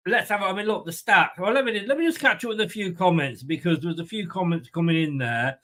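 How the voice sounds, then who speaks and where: A man's voice: high-pitched, expressive, fast, pushed and bright. A man with a light, rambling, chatty manner, hosting a live football watchalong and reading out viewer comments. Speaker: host of a fan watchalong.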